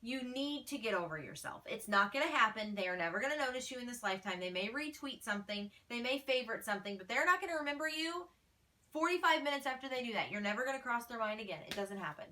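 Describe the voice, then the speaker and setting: A woman's voice: on the high side, expressive, quick pace, pushed and bright, recorded from a distance. A woman fan page admin answering fan questions in a casual vlog, blunt, feisty and exasperated.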